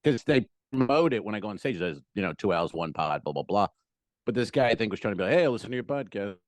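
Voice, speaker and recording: A man, talking in casual podcast banter as a co-host. He tells stories in a lively way and swears freely. The sound is dry and close. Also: on the low side, quick pace, no echo. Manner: animated storyteller, swears freely.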